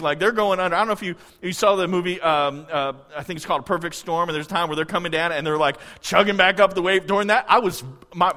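A pastor gives a sermon with a fairly high-pitched voice and an easy, conversational delivery. He keeps turning to the congregation with questions and often restarts his sentences. His voice rings out with a long reverb, as in a large church hall. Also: a bit bright.

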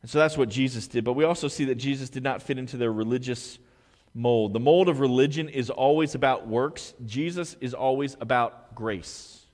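A man preaching a sermon as a pastor, swinging between loud, emphatic stretches and hushed, quiet ones. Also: mid-range voice, a little fast, long reverb tail. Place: church sanctuary.

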